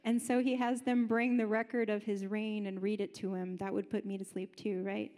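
A woman preaching a sermon in a chatty, animated and humorous way, in a large high-ceilinged room. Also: normal speed. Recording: long hall reverb.

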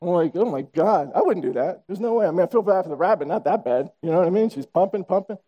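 A man's voice: high-pitched, expressive, fast talker, muffled recording. A man in his sixties preaching a sermon, telling a story and repeating phrases for emphasis. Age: 60s. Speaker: pastor.

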